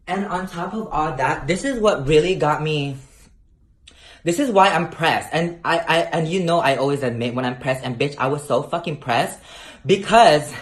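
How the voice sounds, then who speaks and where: A man's voice: on the high side, fairly bright tone. A young man telling a brash, profane story in a sassy storytime vlog. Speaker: vlogger. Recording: roomy echo.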